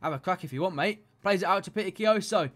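Excitable man, high-pitched game commentary. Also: quick pace. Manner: excitable, swings from muttered pleading to loud shouting. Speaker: gaming video creator.

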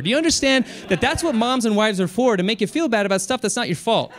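A male stand-up comedian performs on stage into a handheld mic, his voice pitched high and bouncing all over the place. He tells his stories with animated energy and often breaks into his own laughter. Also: fairly quick. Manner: animated storytelling, jumps to high excited delivery, breaks into laughter. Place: comedy club stage with live audience.

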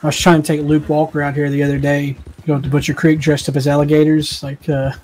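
A man chatting in character during an online roleplay game, telling stories in an animated way and swearing freely. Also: on the high side, fast talker, a little hiss or hum. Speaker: roleplay gamer.

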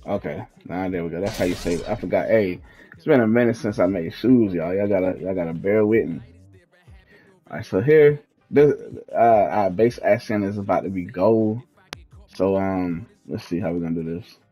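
With a low-pitched, dark voice at normal speed, the gaming host walks through the game from his fiancée's house, faint music playing in the background. He keeps it relaxed and full of slang, letting sentences trail off while he works things out.

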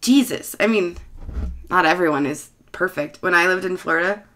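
A woman's voice: on the low side, moderate pace, fairly bright tone. Profane, sarcastic woman ranting. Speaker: vlogger. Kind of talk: casual rant to camera.

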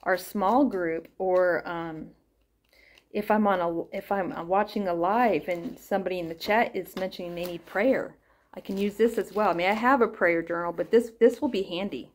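A woman's voice: fairly low pitch, normal speed, darkish tone. A middle-aged woman chatting casually as she unboxes gifts on her crochet vlog, gushing and thinking aloud. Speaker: crochet vlogger.

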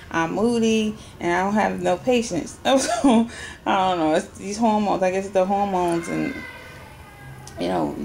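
Low, gravelly-voiced woman vlogging. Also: a little mellow, a little hiss or hum. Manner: chatty and rambling, with frequent pauses. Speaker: vlogger giving a personal update. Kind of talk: casual chat to camera. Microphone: handheld camera at arm's length.

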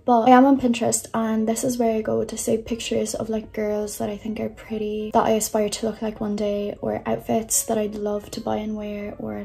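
A woman's voice: fairly high pitch, vocal fry, a little mellow. A young woman chatting casually to camera as a vlogger, rambling and self-mocking, full of fillers. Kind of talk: casual vlog chat.

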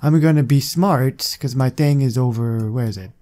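A man's voice: medium pitch, moderate pace, dark tone. A man hosting a gaming video, chatting to himself casually as he plays. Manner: chatty, talking to himself while playing. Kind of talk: casual let's-play commentary.

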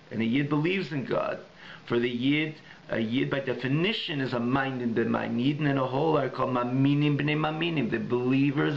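A man's voice: mid-range voice, vocal fry, muffled recording, a little hiss or hum. A male rabbi teaching a class in a synagogue. He mixes Hebrew and Yiddish terms into English, restates phrases several ways, and thinks aloud with frequent restarts. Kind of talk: recorded adult education class.

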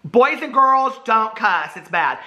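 A man's voice: high voice, animated, slow pace, sharp tone. A man in his forties, chatting animatedly through a casual book review vlog, full of asides and laughter.

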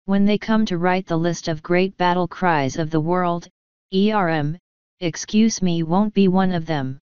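A woman's voice: lowish voice, measured pace, a little mellow, clear, resonant tone, no echo, lo-fi sound, natural voice. A woman voicing a nervous, cowardly male wizard who talks earnestly.

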